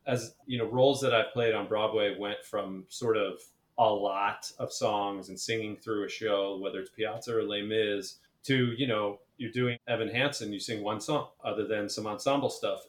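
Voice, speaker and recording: A man's voice: lowish voice, a bit bright. A man who is a Broadway and television actor, reflecting on his work in a casual interview and thinking aloud as he talks. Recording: echoey room.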